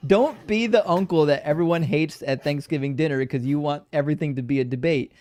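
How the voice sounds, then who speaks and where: A man's voice: on the high side, brisk, darkish tone. A man hosting a live debate stream, chatting casually and reading viewer messages aloud while calling the audience friends.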